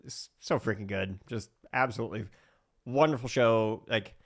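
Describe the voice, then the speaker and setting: A man co-hosting a podcast in easygoing casual chat, quick to agree and sympathize. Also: fairly low pitch, creaky, a bit bright. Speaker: podcast co-host.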